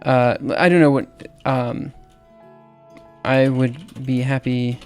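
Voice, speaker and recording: A man's voice: mid-range voice, fairly even intonation, vocal fry. Man, Southern accent, 30s, casual livestream chat, hesitant, lots of ums, faint music behind. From Alabama, US. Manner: halting, filler-heavy, laughs at himself. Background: faint music and keyboard typing.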